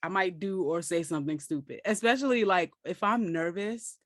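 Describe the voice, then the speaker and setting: A woman hosting a podcast, telling stories in a casual, animated, self-mocking way and laughing often. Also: fairly low pitch, moderate pace, dry recording, studio quality. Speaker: podcast host. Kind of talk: casual storytelling interview.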